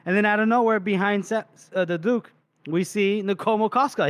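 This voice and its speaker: A man's voice: high-pitched, fast talker, smooth. A man co-hosting a book podcast, recapping a chapter in casual chat and acting out the characters' lines as he goes. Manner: animated retelling that acts out characters' lines. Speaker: podcast co-host.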